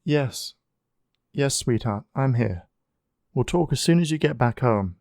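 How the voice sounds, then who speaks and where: A man's voice: mid-range voice, lively intonation, measured pace, vocal fry, a little mellow, no echo, clean studio sound. A man voicing a worried mother who speaks tensely and tenderly.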